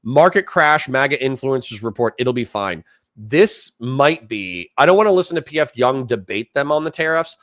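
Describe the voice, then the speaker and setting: A man hosting a livestream, talking off the cuff in a heated, animated rant. His pitch jumps around a lot as he reacts. He is recorded close on a streaming mic. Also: normal speed. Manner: animated, ranting, reads chat aloud. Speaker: streamer host. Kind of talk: casual livestream commentary.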